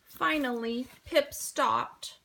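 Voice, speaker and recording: A woman reading a children's picture book aloud, expressive and acting out sound effects. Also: high voice, extremely slow, gravelly, slight background noise. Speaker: storybook reader. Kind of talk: children's storybook read-aloud.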